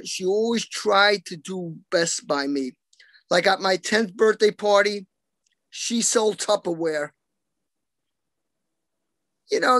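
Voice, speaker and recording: Man from new york doing slow deadpan standup on a video call, dry close sound. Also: high-pitched, no room sound. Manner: deadpan self-mocking one-liners. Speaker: comedian.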